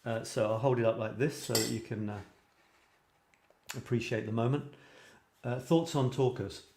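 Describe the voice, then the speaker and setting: Male host, middle pitch, casual and rambling, reads poems playfully, roomy echo. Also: moderate pace, noisy background. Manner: chatty, lots of fillers and restarts; reads light verse playfully. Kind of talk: casual chat and reading poems aloud.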